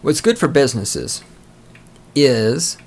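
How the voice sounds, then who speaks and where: A man's voice: medium pitch, big pitch swings, slow. A man hosting a podcast, ranting with sarcastic, profane, mocking commentary. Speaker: podcast host.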